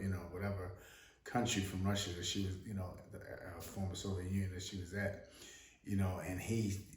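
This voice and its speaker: A man's voice: sits low, darkish tone, reverberant. A man hosting a casual story-time vlog, telling an anecdote in a loose way with many fillers and stammered restarts. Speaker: host.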